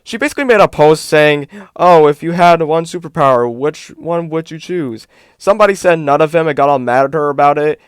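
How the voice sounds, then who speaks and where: A man's voice: on the high side, smooth, dry recording, clean studio sound. Exasperated young-sounding man ranting. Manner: exasperated, fills talk with "like" and "bro". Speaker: YouTube commentator. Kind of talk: casual commentary rant.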